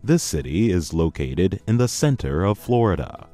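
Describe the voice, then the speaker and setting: Male co-presenter, deep and mellow, lively intonation, slow scripted teaching read. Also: no echo, soft background music. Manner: slow, deliberate, teacherly reading. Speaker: co-presenter of a language program. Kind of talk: scripted educational narration.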